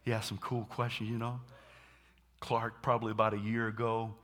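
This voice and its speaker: A man preaching a sermon, animated, acting out scenes and shouting dramatically. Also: on the low side, normal speed.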